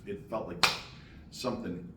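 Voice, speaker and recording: An older man telling an animated story on a convention panel and acting out other people's lines, heard from far off in a noisy room. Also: a little slow. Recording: echoey hall from far off, noisy.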